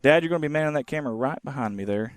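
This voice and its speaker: A man in his thirties giving casual, rambling live play-by-play of a softball game from the field outdoors. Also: mid-range voice, animated, rapid-fire, no room sound. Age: 30s. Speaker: sports webcaster.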